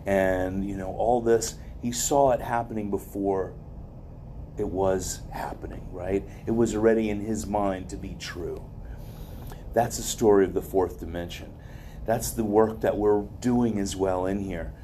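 A man with a mellow, warm voice gives a motivational wellness talk to a group. He speaks loosely and conversationally, wandering into asides and personal stories. There is a faint hum of room ambience behind him. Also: lowish voice, steady tone, measured pace. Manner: rambling, conversational, with many asides.

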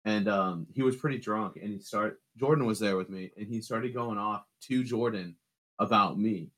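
A man's voice: lowish voice, moderate pace, a bit bright. Man telling a rambling work story. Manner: rambling storytelling that acts out quotes. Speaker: podcast co-host. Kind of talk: casual chat.

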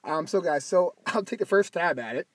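A man's voice: a little high, lively intonation, moderate pace. A man co-hosting a casual podcast from inside a car, rambling and correcting himself as he goes, with a slight stutter now and then. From Midwest US. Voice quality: stutters at times. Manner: rambling, self-correcting, joking. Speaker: podcast co-host. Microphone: phone recording.

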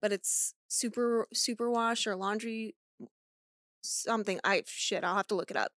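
Woman, podcast co-host, casual chat, swears freely, laughs often, middle pitch, dry close sound. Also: fairly even intonation, moderate pace, a bit bright, dry recording.

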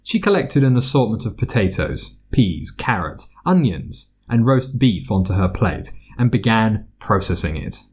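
Husky, lively male story narrator. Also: lowish voice, measured pace, hardly any pauses. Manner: expressive, does character voices. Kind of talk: fan fiction reading.

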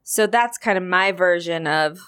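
A woman hosting a podcast in casual chat, talking in a chatty, expressive way and laughing easily. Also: lowish voice, a little slow, clear, resonant tone. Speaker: podcast host.

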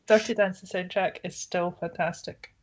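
A woman co-hosting a podcast in casual chat, chatty and quick to laugh. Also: lowish voice, fairly bright tone, poor audio. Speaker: podcast co-host.

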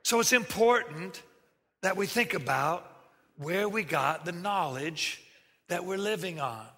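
A man preaching a sermon as a pastor, animated and joking, acting out the voices he quotes. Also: sits high, measured pace, slightly rough. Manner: animated, acts out quoted voices, jokey asides. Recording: reverberant hall sound.

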